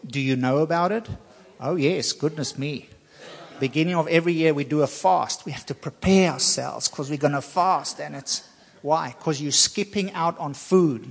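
A man preaching a sermon, speaking with slow emphasis and repeating phrases to drive points home. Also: on the high side, creaky, fairly bright tone, big-room sound.

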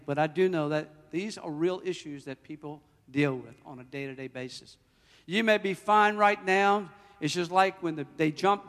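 A man delivers a sermon as pastor, his voice sitting high for a man. He is emphatic, swinging from loud declarations to hushed, close storytelling. The sound carries a long reverb, as in a large hall.

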